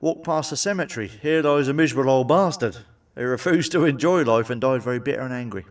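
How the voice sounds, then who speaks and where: A man rattles off sweary stand-up gags in a blunt, cheeky manner. His voice sits in a middle pitch and comes across a little distant from the microphone. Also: quick pace. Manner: blunt, sweary, cheeky jokes with tag questions. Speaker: stand-up comedian. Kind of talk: stand-up joke monologue.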